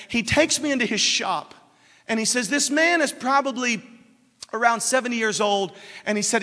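A man preaching a sermon, telling a story and building up to shouted, fervent lines. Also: high-pitched. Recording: long reverb of a hall.

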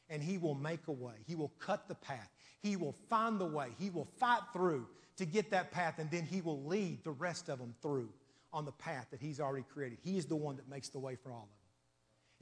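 A man preaching a sermon in a church, with emphatic, rhythmic repetition that swings from loud declarations to hushed asides. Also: a little high. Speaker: pastor. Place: church sanctuary. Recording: long church reverb.

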